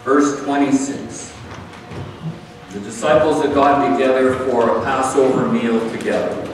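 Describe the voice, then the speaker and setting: A man's voice: medium pitch, fairly even intonation, a little slow, a little hiss or hum. A man preaching a communion sermon as pastor, earnest and conversational, with emphatic repetition. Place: church sanctuary. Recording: echoey hall, far from the mic.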